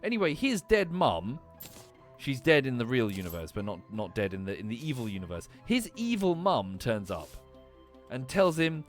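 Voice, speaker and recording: A man in his thirties, a streamer, rambling in casual chat, animated and swearing freely, with frequent restarts. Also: mid-range voice, moderate pace, soft background music.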